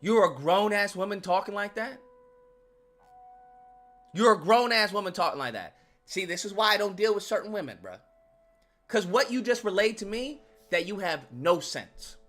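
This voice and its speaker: A man's voice: sits high, expressive, moderate pace, long pauses, fairly bright tone. A man hosting his own channel, delivering an emphatic, profane commentary rant and repeating lines for effect.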